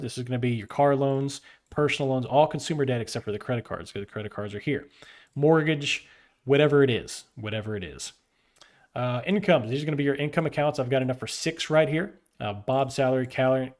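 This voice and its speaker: Man, mid pitch, relaxed tutorial host, informal and conversational with filler words. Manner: loose, chatty explaining with slang and fillers. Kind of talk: casual screen-share tutorial.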